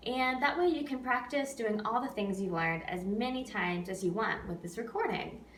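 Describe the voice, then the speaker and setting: A woman's voice: a little high, moderate pace. A woman who is an opera pianist teaches an online singing lesson, coaching patiently and counting students in. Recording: roomy, distant mic with faint background noise.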